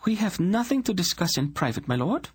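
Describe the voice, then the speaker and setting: A man's voice: high-pitched, very animated, a little fast, slightly rough, pitched above the performer's own voice, full character voice. A man voicing a stern young queen who gives cold, clipped royal commands. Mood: icy command.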